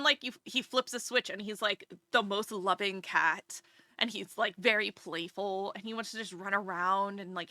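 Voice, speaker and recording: A woman's voice: medium pitch, sharp tone, no echo. A woman streamer chatting casually on a live stream at home, rambling and chatty, with many restarts.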